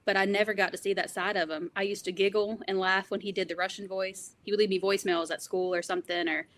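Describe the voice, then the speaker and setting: A woman guest on a podcast interview, telling personal family stories in a lively, storytelling way. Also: mid-range voice. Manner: fast, animated storytelling, quotes others' voices. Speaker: guest, wrestler's granddaughter.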